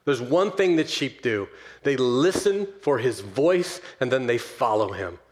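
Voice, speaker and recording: A man preaching a sermon to his church as pastor, swinging from loud emphatic stresses down to soft, slow closing words. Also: medium pitch, expressive. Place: church sanctuary.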